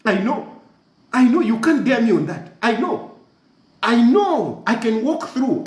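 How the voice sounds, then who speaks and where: Mocking Zambian man, high and echoey. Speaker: commentator. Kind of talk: impassioned social media rant.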